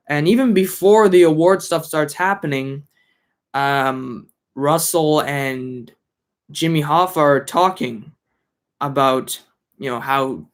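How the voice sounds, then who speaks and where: Rambling, slightly high-voiced man. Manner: rambling, with many fillers and restarts. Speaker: film reviewer. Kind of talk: casual chat.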